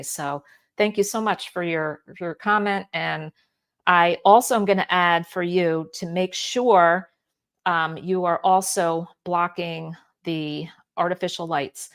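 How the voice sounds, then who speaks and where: Chatty woman hosting a live Q&A. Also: on the low side. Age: middle-aged. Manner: chatty, many fillers and restarts. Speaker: health channel host. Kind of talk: live-stream Q&A, reading viewer comments.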